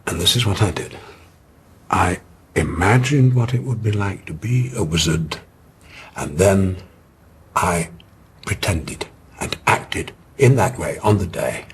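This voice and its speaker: A pompous older actor. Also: male voice, low-pitched. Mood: condescending. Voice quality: slow, patronizing and theatrical. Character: pompous older male actor explaining his craft. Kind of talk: scripted comedy scene. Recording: faint background noise.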